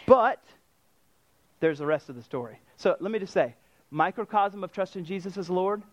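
Animated male preacher, dry close sound. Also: high voice, normal speed, no echo. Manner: animated, acts out quoted lines. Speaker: pastor. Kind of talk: sermon.

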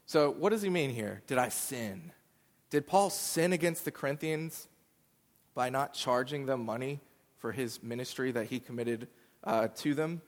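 A man's voice: mid-range voice, measured pace, in a large hall. A man giving a sermon, explaining scripture in a conversational way with fillers. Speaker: pastor. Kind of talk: sermon teaching.

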